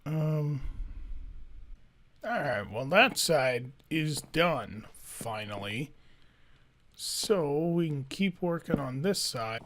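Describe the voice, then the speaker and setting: A man narrating his own building game in a slow, unhurried way, pondering each step out loud. His voice sits a little on the high side for a man, and he muses and mutters to himself while he plays. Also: big pitch swings, a little hiss or hum. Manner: thinks aloud, musing and self-talking. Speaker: gaming YouTuber. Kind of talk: let's play commentary.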